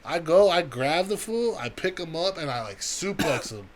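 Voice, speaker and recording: A young man with a California accent telling a wild story on a podcast, profane and animated, acting out the quotes. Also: on the high side, moderate pace. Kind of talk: casual storytelling.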